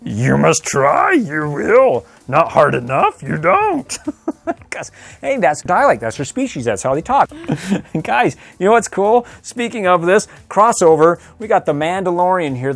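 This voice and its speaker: A man hosting a casual toy review video, playful and ad-libbing, laughing often. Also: a little high. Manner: playful, laughs often, ad-libs silly voices.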